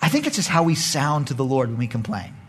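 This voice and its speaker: A male pastor preaching a lively sermon to his congregation, acting out voices and laughing often. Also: medium pitch, quick pace, slightly rough.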